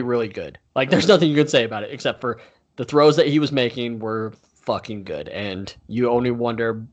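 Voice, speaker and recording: A man co-hosting a casual sports podcast, chatty and quick to correct himself with apologetic asides. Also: mid-range voice. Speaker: podcast co-host.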